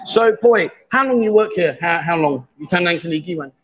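A man in his fifties hosting a casual livestream from a bar, joking and bantering loudly with guests. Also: sits high, lively intonation, normal speed, noisy background. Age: 50s. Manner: jokey, banter-heavy, loud. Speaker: livestream host. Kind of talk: casual live-stream chat. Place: bar in Pattaya. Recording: dull, lo-fi livestream sound.

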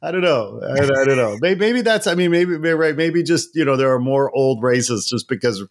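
A man's voice: mid-range voice, expressive, moderate pace. A man hosting an interview, who laughs and muses aloud, restarting his sentences. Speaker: host. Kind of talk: casual interview chat.

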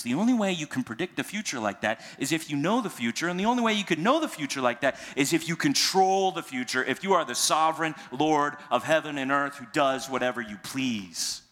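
A man's voice: on the high side, fairly bright tone. A man preaching a sermon as pastor, speaking conversationally, asking his listeners rhetorical questions and acting out quoted lines in casual everyday speech.

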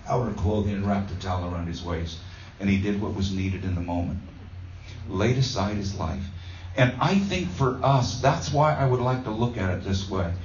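A man's voice: lowish voice, slight background noise. A man preaching a conversational sermon, telling a homey story with many ums and restarts. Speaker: pastor. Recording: roomy distant dull sound.

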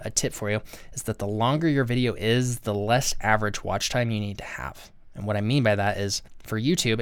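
A man's voice: fairly low pitch, fairly bright tone, clear, resonant tone, dry recording. A man hosting his own channel, giving earnest, conversational advice to the camera and often restarting his sentences. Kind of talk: casual talk-to-camera advice.

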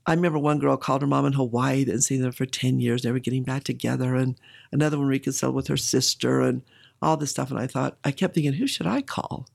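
Gravelly, husky middle-aged woman. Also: a bass voice, fairly even intonation, quick pace, darkish tone. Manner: candid, emotional, laughs while telling. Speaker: interviewee. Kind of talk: personal storytelling in conversation.

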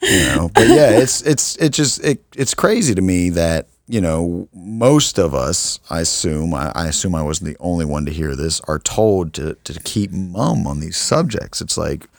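A man's voice: deep voice, expressive, moderate pace, vocal fry, hardly any pauses, no room sound, studio quality. A young adult American man co-hosting a podcast, talking frankly and casually, swearing now and then. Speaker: podcast co-host. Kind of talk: casual chat.

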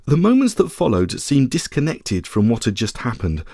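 A man narrating a children's story as podcast host, in an expressive, measured way. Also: mid-range voice, dry recording, studio quality. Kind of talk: scripted audiobook narration.

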